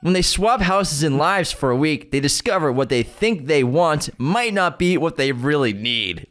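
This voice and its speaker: A man's voice: fairly high pitch, normal speed. A young adult man co-hosting a podcast, reading entertainment news items and then joking loosely about them. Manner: relaxed, reads news items then riffs and jokes. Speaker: podcast co-host. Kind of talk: casual chat.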